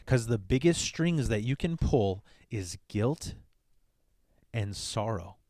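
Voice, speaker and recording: A man hosts a podcast in a blunt, profane comic monologue. His voice sits at an average pitch. It is recorded dry and close, with no room sound. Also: animated, slow, a little mellow, no echo. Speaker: podcast host. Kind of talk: casual comedic monologue.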